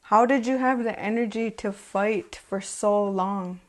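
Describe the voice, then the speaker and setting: A woman performing a spoken word poem with a measured, deliberate delivery and long pauses. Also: mid-range voice. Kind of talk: spoken word poetry recitation.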